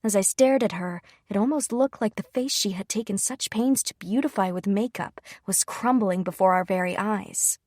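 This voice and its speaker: A woman narrates a novel in the first person with an even, measured delivery. Her voice is slightly husky and breathy, recorded close and dry with no room sound. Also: medium pitch, no echo. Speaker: audiobook narrator.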